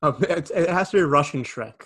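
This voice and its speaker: A man's voice: a little high, animated, quick pace, fairly bright tone, breathy edge. A young man co-hosting a comedy podcast, riffing in a dry, easygoing way. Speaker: podcast co-host. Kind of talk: casual comedic banter.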